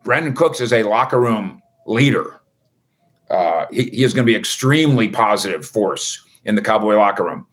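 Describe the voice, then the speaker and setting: A man's voice: lowish voice, expressive, normal speed, fairly bright tone. A man hosting a casual sports recap, chatty and wisecracking with rambling asides. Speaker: sports reporter host.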